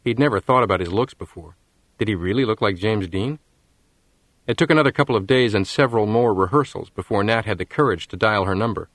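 A man reading a story aloud in scripted narration, with a measured storytelling manner. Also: on the low side, fairly bright tone, dry recording. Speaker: audiobook narrator.

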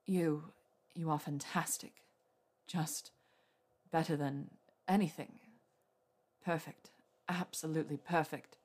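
A woman voicing a young wizard man in love, speaking low, dry and teasing. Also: quick pace, close to an everyday voice. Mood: tender.

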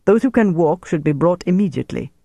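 Stern german army major giving orders, mellow and low-key , as a guy reading a novel puts him on. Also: animated, a little fast, no room sound. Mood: commanding. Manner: crisp tone of authority.

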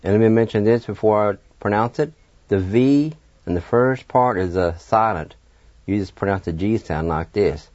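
A man's voice: fairly low pitch, normal speed, darkish tone, no room sound. A man teaching a radio language lesson, patiently spelling words letter by letter and encouraging learners. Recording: dull, dry lo-fi radio sound.

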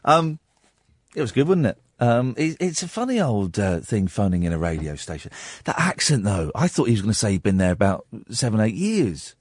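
A man hosting a late-night radio talk show, mocking a listener with slow, drawn-out jabs. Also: fairly low pitch, big pitch swings, breathy edge, dry recording, studio quality.

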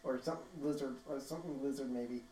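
A young man telling a story among friends in casual chat, animated and laughing as he talks. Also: mid-range voice, fast talker. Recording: roomy, distant mic, crowd noise.

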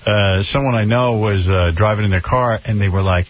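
A man's voice: on the low side, a little fast, few pauses, dull audio. A man hosting a radio talk show, chatting casually with callers and co-hosts in a wry, rambling way. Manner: wry, rambling, laid-back.

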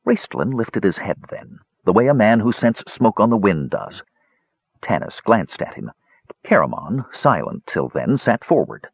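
Casting: male audiobook narrator, husky and lowish, very expressive phrasing, fantasy reading. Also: no echo. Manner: measured storytelling, animated phrasing. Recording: dull dry lo-fi recording.

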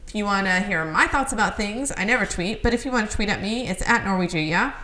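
Podcast co-host, woman, relaxed chatty recap delivery. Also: medium pitch, fast. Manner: chatty, relaxed, sign-off with show plugs. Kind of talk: casual chat recapping a TV show.

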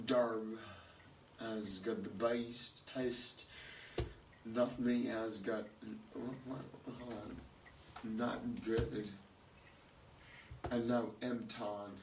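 A feverish man with a cracking voice, rambling casually, swearing and clearing his throat a lot. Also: on the low side. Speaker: musician jamming with friends. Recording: echoey room mic from far off with noise.

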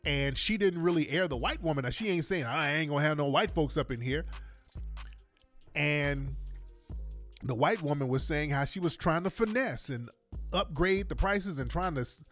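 A man's voice: fairly high pitch, moderate pace, a bit bright, soft background music. A man hosting a podcast, commenting on a played clip in an indignant, mocking way with repeated rhetorical questions. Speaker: podcast host.

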